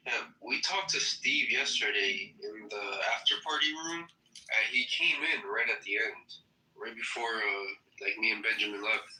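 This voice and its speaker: A man in a casual live chat, rambling and halting with many fillers. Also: lowish voice, bright, forceful tone, a little hiss or hum, rough recording.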